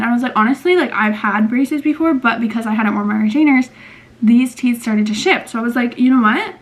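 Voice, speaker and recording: A woman's voice: fairly high pitch, moderate pace. A young woman in her twenties chatting casually to camera at home, rambling and indecisive with lots of fillers. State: out of breath. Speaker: beauty vlogger. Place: at home, indoors. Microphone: camera mic, later phone on a tripod.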